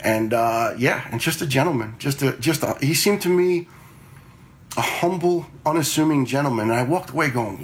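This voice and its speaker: This blunt man in his forties, formerly a fire lieutenant, spins casual anecdotes in which he quotes his own words. He speaks at normal speed in a mid-range voice, with slight background noise in the recording.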